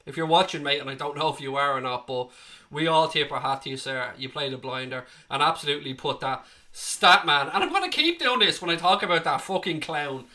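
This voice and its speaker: A man's voice: a little high, brisk, sharp tone. A man hosting a live fan stream, reading viewer comments, passionate and ranting, swearing freely, with a slight tickly cough. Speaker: fan channel host.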